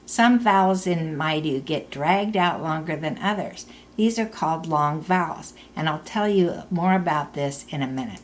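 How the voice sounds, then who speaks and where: A woman teaching a recorded language lesson, explaining slowly and repeating example phrases. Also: low voice, a little hiss or hum.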